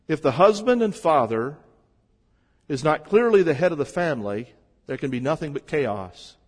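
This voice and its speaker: Male pastor preaching, drops soft then pushes loud, long church hall echo. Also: medium pitch. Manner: preacherly, swings between soft and loud emphasis. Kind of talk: sermon.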